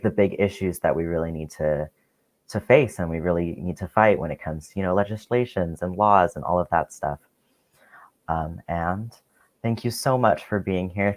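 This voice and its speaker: A man hosting a live-stream conversation on a video call, encouraging his guests, with frequent "um"s. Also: sits low. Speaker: host.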